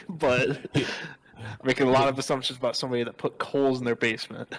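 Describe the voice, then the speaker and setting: A man's voice: mid-range voice, fairly even intonation, a little fast, low-quality recording. A man co-hosting a podcast, chiming in with blunt, swearing comments in casual chat. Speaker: podcast co-host.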